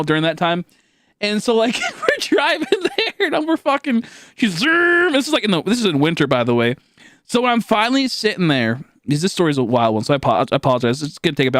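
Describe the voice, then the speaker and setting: A young man streaming live, telling a long story in a rambling, animated way with lots of fillers and swearing, acting out his own shouts. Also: a little high, no room sound, clean studio sound. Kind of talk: casual storytelling to a live chat.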